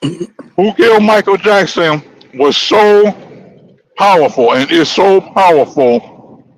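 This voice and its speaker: An emphatic man with a somewhat high voice tells a story with lively energy. His voice is recorded dry and up close, in a casual podcast conversation. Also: slow, no room sound, poor audio.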